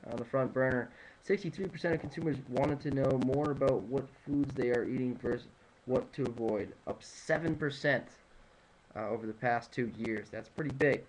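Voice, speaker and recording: A man's voice: mid-range voice, darkish tone, slight background noise, low-quality recording. A man giving an informal talk on food trends, rambling through figures with many fillers, restarts and joking asides. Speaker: nutrition presenter. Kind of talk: casual informal lecture. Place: home room at sunrise.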